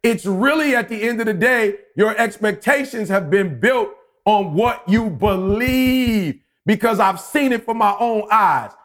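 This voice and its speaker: Man in his forties, high voice, animated storytelling, casual podcast chat. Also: a little slow. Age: 40s. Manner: animated storytelling with acted-out quotes. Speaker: podcast co-host.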